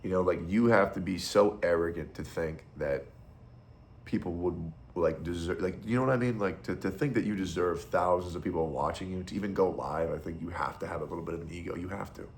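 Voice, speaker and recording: A man's voice: low-pitched, a little fast, slight background noise. A male streamer in a casual, blunt monologue, ranting with heavy profanity and strong opinions.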